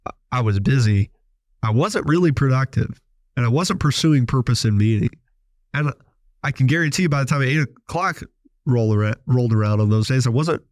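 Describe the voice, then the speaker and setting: A man's voice: mid-range voice, no echo, studio quality. A man hosting a podcast, telling a business story in a casual monologue, sometimes acting out the people in it. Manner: storytelling, animated quoted voices. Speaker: podcast host, business owner.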